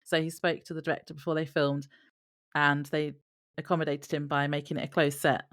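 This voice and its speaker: Low-voiced woman laughing through trivia. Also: flat delivery, brisk, no room sound, studio quality. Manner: laughs often, reads facts from notes. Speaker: podcast co-host. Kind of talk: casual chat sharing trivia.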